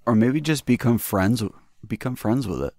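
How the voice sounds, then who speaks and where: A man's voice: medium pitch, lively intonation, moderate pace, a little mellow, no echo, studio quality. A man hosting a podcast in casual chat, joking and swearing a lot. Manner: profane, joking. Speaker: podcast host.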